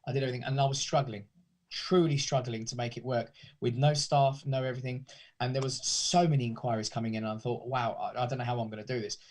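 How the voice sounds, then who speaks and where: A man's voice: mid-range voice, steady tone, fast. Rambling chatty British man. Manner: rambling, many restarts and fillers. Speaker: guest, pantomime academy founder. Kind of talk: casual interview chat.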